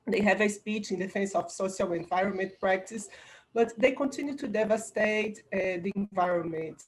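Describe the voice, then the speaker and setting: A woman's voice: medium pitch, poor audio. A Brazilian woman whose first language is Portuguese asks a question in English over a video call, hesitating and restarting her words. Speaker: audience questioner.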